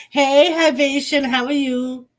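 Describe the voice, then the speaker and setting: A woman's voice: high-pitched, fairly even intonation, drawn-out words. A middle-aged woman hosting a live watch-party stream, chatting casually, reading viewers' messages aloud and laughing often.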